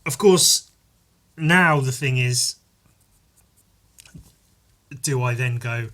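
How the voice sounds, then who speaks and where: A man's voice: medium pitch, very slow, long pauses, fairly bright tone. A man hosting a solo podcast, rambling and self-mocking and swearing freely. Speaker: podcast host. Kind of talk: casual solo podcast chat.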